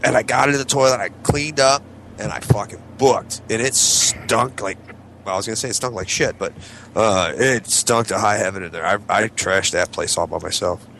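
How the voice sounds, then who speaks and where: A man co-hosting a casual chat, telling gross stories in an animated, profane way and acting out the voices. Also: lowish voice, normal speed, slight background noise. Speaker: co-host.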